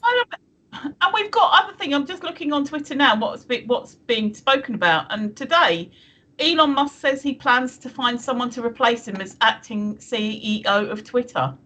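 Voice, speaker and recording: امرأة بريطانية ثرثارة بصوت ساطع. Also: female voice, high-pitched, lively intonation, normal speed, pushed and bright. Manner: rambling, lots of fillers and restarts, laughs often. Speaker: co-host of a live stream chat show. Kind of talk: casual live-stream chat.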